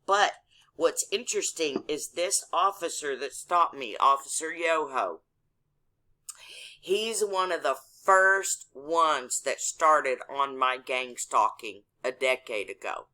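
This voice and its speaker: A woman's voice: low voice, slow, sharp tone, rough recording. A woman from Texas, a caller telling her story in casual chat, blunt and indignant, with a bit of cursing. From Texas, USA.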